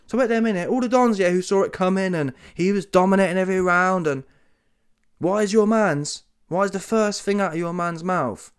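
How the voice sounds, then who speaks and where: A British man gives a one-man commentary rant, slangy, combative and mocking. His voice sits a little above the usual male pitch, and he rattles along with plenty of energy. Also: brisk, smooth. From Britain. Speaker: boxing commentator. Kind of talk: solo opinion rant.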